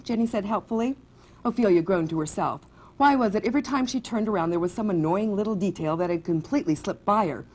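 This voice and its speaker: A woman's voice: lowish voice, fairly quick, darkish tone. A woman author from the United States, reading from her novel and chatting about her writing with many fillers.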